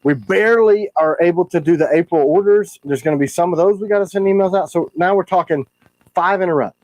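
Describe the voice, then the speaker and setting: A man who makes knives, hosting a casual livestream and talking in a frustrated, animated way with quick asides. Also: high-pitched, no echo, poor audio. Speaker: knife maker hosting a livestream.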